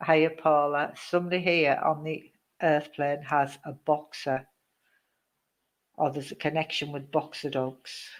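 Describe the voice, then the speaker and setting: A woman's voice: low-pitched, level tone, a little slow. A woman working as a psychic medium, giving a chatty live online reading. She addresses viewers by name and keeps checking in with "okay?".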